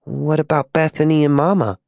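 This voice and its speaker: A man voicing a six-year-old frontier girl who asks soft, childlike questions. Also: on the high side, brisk, vocal fry, dry recording, clean studio sound, voice pushed up. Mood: pleading.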